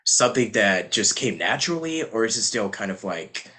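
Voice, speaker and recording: A man hosting an interview, a voice actor himself, relaxed and agreeable, his sentences trailing off softly. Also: lowish voice, moderate pace. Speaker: podcast host, voice actor. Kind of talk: casual interview chat.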